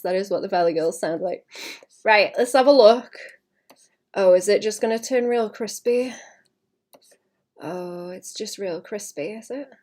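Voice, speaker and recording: A young woman chatting casually to her stream as she draws, muttering to herself and often clearing her throat. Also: medium pitch. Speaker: artist livestreaming. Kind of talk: casual streaming chat while drawing.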